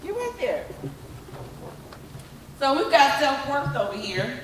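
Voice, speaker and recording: A high-pitched woman gives an animated motivational talk to a crowd, calling people up and driving her points home with repetition. Her voice is picked up from a distance in a large hall, with long, booming reverb around every word. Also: takes it slowly, a little hiss or hum. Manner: animated, coaxing, repetitive calls. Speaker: motivational speaker. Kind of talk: motivational talk with audience volunteers. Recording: echoey hall from far off.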